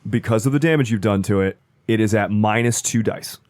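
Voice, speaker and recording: A man acting as storyteller, narrating a tabletop horror game in slow, deliberate scene-setting. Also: fairly low pitch, a little mellow, dry recording, clean studio sound.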